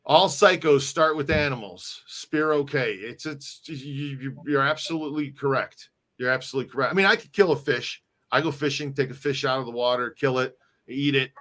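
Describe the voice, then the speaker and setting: Bright-voiced rambling man, live chat. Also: medium pitch, a little fast, few pauses. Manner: rambling, restarts and repeats words. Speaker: podcast co-host. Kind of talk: casual live-stream chat.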